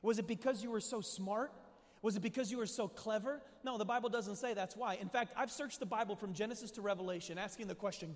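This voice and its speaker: A man preaching a sermon to a live audience, emphatic and full of questions to the crowd, rising to shouts. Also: sits high, fast. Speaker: pastor. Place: large hall with audience. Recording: long hall reverb.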